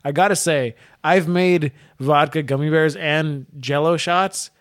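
A man with a somewhat high, slightly bright voice speaks a little slowly with fairly even intonation. He co-hosts a casual podcast, reading wiki entries aloud and then riffing on them with heavy swearing.

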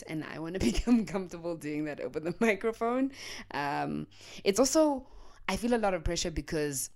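A young South African woman telling a story on her podcast in a lively casual way, laughing often and slipping in Zulu slang, speaking into a handheld mic on her bed. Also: low-pitched. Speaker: podcaster and YouTuber. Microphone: handheld microphone.

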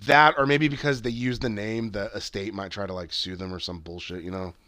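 A man's voice: fairly low pitch, steady tone, brisk, sharp tone, no echo. Male co-host, loose rambling chat, heavy fillers and cursing, dry sound. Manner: rambling, swears a lot, many fillers and restarts. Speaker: podcast co-host. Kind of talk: casual chat recapping a TV show.

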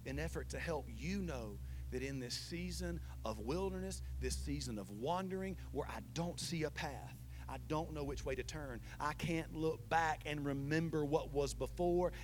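A man in his thirties preaching a sermon, telling a family story with lively swings between loud and hushed delivery. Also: fairly high pitch, a little hiss or hum, rough recording. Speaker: pastor.

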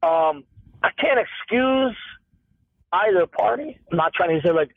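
A man in his late thirties with a fairly high voice talks candidly. He is rambling and emphatic, restarting his sentences and swearing now and then. The sound is thin and phone-like, with no room at all. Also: expressive, brisk, no room sound. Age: 30s. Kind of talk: candid conversational talk. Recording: tinny phone-like sound, dry.

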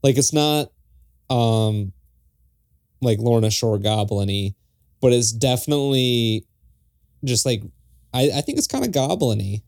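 A man's voice: medium pitch, no room sound, clean studio sound. A man co-hosting a podcast, talking loosely and laughing easily about songs. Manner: relaxed, quick to laugh, loose phrasing. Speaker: podcast co-host. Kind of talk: casual music review chat.

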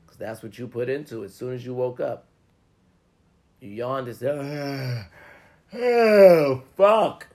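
A man's voice: medium pitch, normal speed, pauses often, darkish tone. A man giving a casual, profane pep talk to listeners, swearing freely and acting out grumbling inner voices. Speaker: motivational talker.

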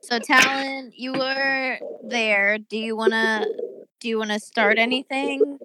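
Lady running a tabletop game, kinda high voice, lots of ums, dry close mic. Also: fairly even intonation, takes it slowly, pushed and bright, no room sound, low-quality recording. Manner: chatty, hesitant with fillers. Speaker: game master.

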